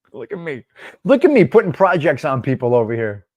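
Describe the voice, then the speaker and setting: A man hosts a casual live stream and keeps laughing as he answers his viewers. His voice sits fairly high, and he reacts to the chat with a lot of energy. The sound is dry and close to the mic. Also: normal speed, no room sound. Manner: laughing, animated, talks back to chat.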